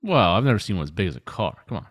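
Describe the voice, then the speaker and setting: A man's voice: on the low side, sing-song, racing. A man co-hosting a podcast, joking around in an easygoing way. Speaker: podcast co-host. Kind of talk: casual podcast chat.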